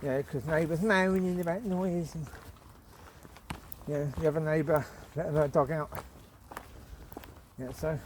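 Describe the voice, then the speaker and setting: A man's voice: a little high, fairly even intonation, a little slow, pauses often, slight background noise. A man chatting casually on a walk outdoors in a village, calling commands to his dogs and cooing at puppies. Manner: coos affectionately at dogs and puppies. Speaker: vlogger walking his dogs. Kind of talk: casual walk-and-talk chat.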